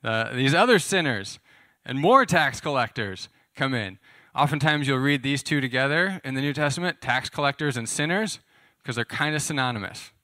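A man's voice: medium pitch, lively intonation, normal speed, few pauses, bright, forceful tone, no room sound, studio quality. A man preaching a casual, conversational sermon, explaining scripture and asking his listeners questions. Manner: conversational, asks the audience questions. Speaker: pastor. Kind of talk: sermon teaching.

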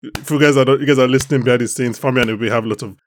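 A man from Nigeria hosting a casual recap podcast, ranting in an animated way and laughing often. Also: medium pitch, rapid-fire, a little hiss or hum. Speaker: podcast host. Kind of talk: casual chat, TV episode recap.

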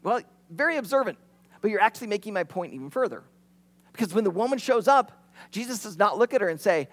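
A man preaching a sermon with a high voice that swings widely in pitch. His delivery is animated, and he acts out the quotes he tells. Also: brisk. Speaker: pastor.

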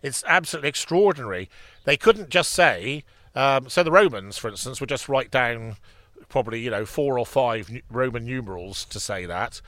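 Rambling bright-voiced man on a podcast. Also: mid-range voice, animated, moderate pace, dry recording. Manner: rambling, many restarts and fillers. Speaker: podcast co-host. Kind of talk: casual history chat.

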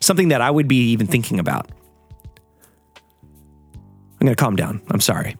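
Fired-up male host, profane rant, pitch swinging all over, faint music under him. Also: very animated, brisk, husky, no room sound. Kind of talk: heated solo monologue.

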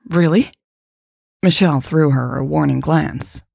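A woman narrating an audiobook in a measured, quietly dramatic reading, voicing dialogue softly. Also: low voice, creaky, breathy edge, no room sound, studio quality.

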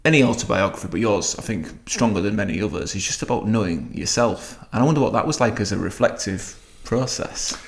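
A man around forty from England hosts a podcast interview, his low voice touched with gravelly fry. He builds thoughtful questions from his guest's book, and the room rings with echo. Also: animated, a little fast, hardly any pauses, slight background noise. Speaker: podcast host.

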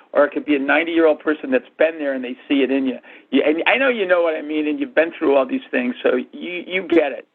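A man in his sixties, a guest in an interview, telling animated stories about his past and acting out what others said. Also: on the high side, vocal fry, husky. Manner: animated storyteller, acts out quotes. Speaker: guest, art and antique dealer. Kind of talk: storytelling interview answers. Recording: tinny phone-line audio.

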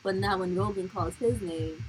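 A woman's voice: mid-range voice, normal speed, a little hiss or hum, poor audio. A young woman co-hosting a casual chat, blunt and slangy, laughing easily. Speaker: podcast co-host. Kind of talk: casual chat recapping a reality show.

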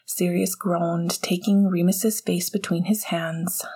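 Woman, audiobook narration, breathy, low voice, soft measured storytelling. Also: level tone. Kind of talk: fan fiction read aloud.

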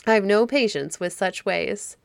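Woman reading a kindly old caretaker lady, cheerful and homely, mid pitch, dry. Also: a little slow, vocal fry, no echo. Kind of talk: storybook reading.

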